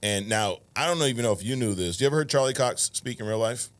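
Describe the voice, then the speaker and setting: A man's voice: medium pitch, expressive, quick pace. A man in his thirties from the United States co-hosting a podcast, reading viewer comments in a casual, laid-back way and swearing freely. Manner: laid-back, swears freely, calls people bro and dude. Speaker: podcast co-host.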